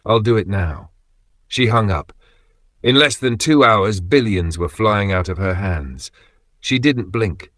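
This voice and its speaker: A man's voice: lowish voice, animated, unhurried, fairly bright tone, no room sound, studio quality. A man telling a dramatic story as scripted narration, putting on voices for the quotes.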